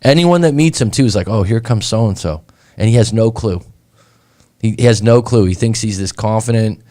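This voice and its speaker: Low-voiced man telling stories. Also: normal speed, no echo, clean studio sound. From California. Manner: animated, conversational, acts out anecdotes. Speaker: breakup coach and host. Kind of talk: casual chat, storytelling.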